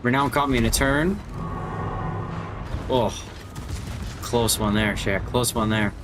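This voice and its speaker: A man's voice: mid-range voice, slow, background noise. A man streaming a game live, chatting casually and joking with his viewers. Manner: chatty, jokey, greets chat. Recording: game gunfire sounds behind.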